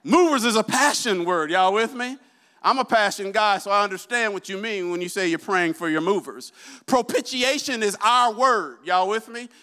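A man's voice: high-pitched, lively intonation, moderate pace, sharp tone. A man preaching a sermon, constantly calling out to the congregation with questions and asking for amens. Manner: call-and-response, asks the congregation questions.

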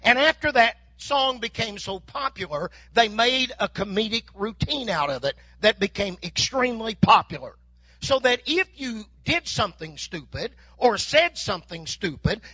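Older man, preaching, very high voice, dry close sound. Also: bright, forceful tone, no echo. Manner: folksy storytelling with mock dialogue. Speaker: pastor. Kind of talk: sermon.

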